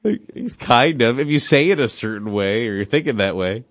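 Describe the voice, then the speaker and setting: A man's voice: medium pitch, moderate pace, no echo, studio quality. A male radio host chatting and joking with his co-host and callers. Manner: joking, animated. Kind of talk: casual chat.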